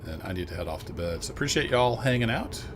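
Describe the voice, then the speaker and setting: Man, very low deep voice, relaxed live gameplay commentary, thinks aloud, pokes fun at himself. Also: fast, background noise. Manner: easygoing, self-deprecating, thinks aloud to viewers. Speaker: game streamer.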